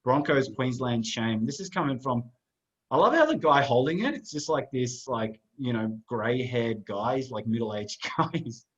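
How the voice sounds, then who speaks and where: A man chatting loosely on a sports podcast, his voice sitting in an ordinary middle pitch. He meanders, restarts and fills gaps with "um" while talking through pictures. The recording sounds slightly dull and lo-fi. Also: animated, moderate pace, husky. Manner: rambling, talks through photos with many fillers. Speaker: podcast co-host. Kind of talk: casual sports podcast chat.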